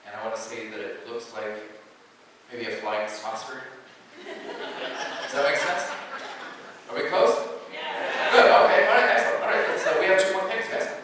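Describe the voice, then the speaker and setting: A man's voice: mid-range voice, expressive, moderate pace, long pauses, background noise. A man from Colorado working as a stage mentalist, giving live stage patter with wry jokes to the audience. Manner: wry, joking asides to the audience. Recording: echoey hall from far off.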